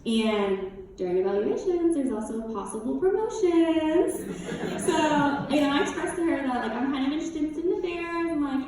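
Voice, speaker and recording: A young woman with a fairly high voice speaks earnestly and chattily about her own path. Her talk is filled with casual fillers. She is picked up from a distance in a very echoey conference hall. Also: warm tone, a little hiss or hum. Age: young adult. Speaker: student speaker. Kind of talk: personal story told to a live audience. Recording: very echoey room from far off.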